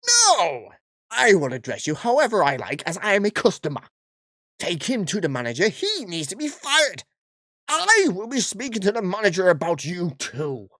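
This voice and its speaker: A man voicing a shrill, entitled middle-aged woman shopper who scolds and makes drawn-out demands. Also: sing-song, bright, forceful tone, dry recording, clean studio sound, heavily acted. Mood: furious. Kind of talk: reading a story aloud, voicing characters.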